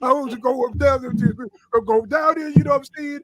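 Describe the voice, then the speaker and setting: A man's voice: very high-pitched, fast talker, no echo, pitched above the performer's own voice. A man doing an impression of a brash, street-talking male pro wrestler, boastful and rowdy. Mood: swaggering.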